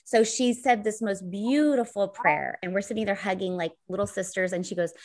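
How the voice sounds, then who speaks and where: A woman's voice: mid-range voice, normal speed, a little mellow. A woman telling a long, earnest story of a pilgrimage in casual chat, rambling with many fillers.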